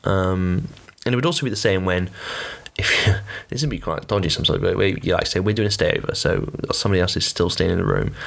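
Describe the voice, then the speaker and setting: A man's voice: deep voice, gravelly. A young man hosting his own podcast, rambling casually with lots of fillers and blunt swearing. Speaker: podcast host. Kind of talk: casual solo podcast monologue.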